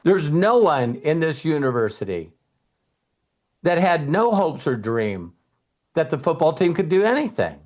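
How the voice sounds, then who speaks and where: Middle-aged male motivational host, lively storyteller, slightly high voice, plays the quoted voices himself. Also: a little slow. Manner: storytelling, acts out quoted voices, casual swearing. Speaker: host and mentor. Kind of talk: motivational talk.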